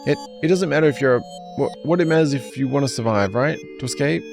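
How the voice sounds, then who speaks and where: A man's voice: mid-range voice, quick pace, vocal fry, music in the background, voice pushed up, natural voice. A man voicing a brave teenage schoolgirl in a horror game, urging and coaxing her friends. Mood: urgent. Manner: urgent, coaxing.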